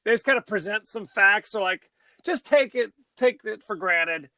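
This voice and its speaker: A man co-hosting a podcast in casual chat, excitable, laughing often and breaking into exclamations. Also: high voice, moderate pace, no room sound. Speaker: podcast co-host.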